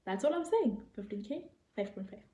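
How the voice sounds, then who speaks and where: A young South African woman with a South African accent, telling a story to the camera in an animated, excitable way and acting out what people said. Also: mid-range voice, normal speed. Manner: animated, excitable storytelling, acts out quoted people, repeats phrases. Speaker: vlogger. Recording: echoey room.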